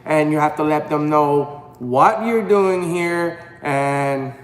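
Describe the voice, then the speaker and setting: A man's voice: a little high, takes it slowly. A man hosting a live stream, explaining things in a plain, repetitive way. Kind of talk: casual live stream commentary. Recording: echoey room with long reverb.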